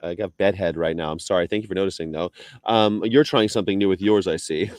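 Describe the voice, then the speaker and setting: A man chatting casually on a live video stream, laughing often and breaking into high mock voices when he quotes people. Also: fairly even intonation, quick pace, a little mellow, no room sound. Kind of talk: casual chat.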